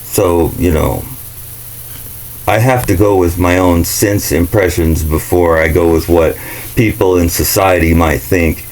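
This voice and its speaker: Low-voiced man in a profane rant. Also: fairly even intonation, unhurried, a little mellow, slight background noise, low-quality recording. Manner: ranting, profane, sarcastic. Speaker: vlogger. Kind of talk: casual monologue rant.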